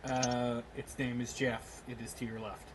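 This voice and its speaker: A man running a tabletop game as game master, halting with many ums and uhs and often laughing. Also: mid-range voice, flat delivery, background noise.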